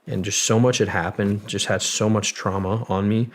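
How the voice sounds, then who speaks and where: A young man with a deep voice tells a story in a relaxed, cursing, filler-heavy way. His tone is gravelly and husky, with a rough edge on every line. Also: normal speed. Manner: profane, loose delivery full of "like" fillers. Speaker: podcast guest, Marine veteran. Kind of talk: casual storytelling.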